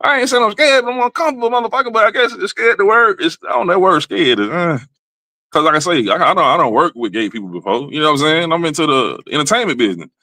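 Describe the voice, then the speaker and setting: A man hosts a comedy livestream, ranting loosely and cursing freely. His voice is bright and pitched a bit high, with wide swings in pitch. The sound is dry and close. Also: animated, fast, no echo. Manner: profane, loose, riffing rants with repeated fillers. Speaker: show host. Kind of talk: casual comedic livestream commentary.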